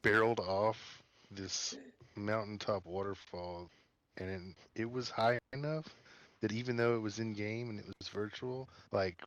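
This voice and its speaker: A man telling a gaming story to friends on a voice call, animated and laughing through it. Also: lowish voice, measured pace, dry recording, highs cut off. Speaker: gaming friend sharing memories. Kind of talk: casual group voice chat.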